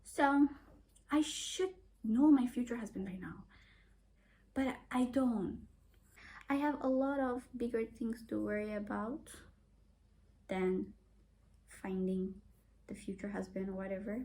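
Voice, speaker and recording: Her warm, fairly high voice moves slowly, with long pauses, as this twentysomething vlogger rambles self-deprecatingly to her own camera. She has an accent that mixes British and Australian, and the video is a casual rambling vlog.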